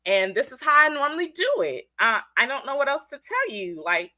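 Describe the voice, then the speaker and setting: Woman hosting a livestream, stuffy from a cold, bright and lively delivery. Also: high voice, brisk, hardly any pauses. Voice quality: country-sounding speech. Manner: chatty, animated, talks straight to viewers. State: congested from a cold. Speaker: livestream host. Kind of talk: casual livestream chat.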